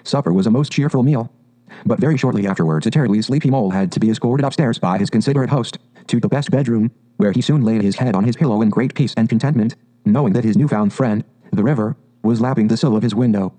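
A man's voice: on the low side, fast, dark tone, poor audio. Man reading a storybook aloud. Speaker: narrator. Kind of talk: audiobook narration.

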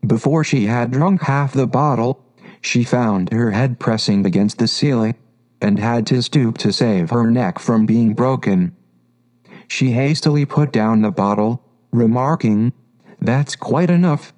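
Man, storybook narrator, mid pitch, measured, unhurried. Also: a little mellow, low-quality recording.

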